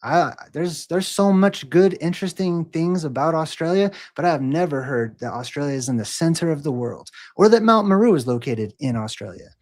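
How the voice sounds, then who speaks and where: Animated man heckling his chat. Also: fairly high pitch, normal speed, hardly any pauses. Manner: animated, mocking, challenging the chat. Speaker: livestream host. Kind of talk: casual livestream chat.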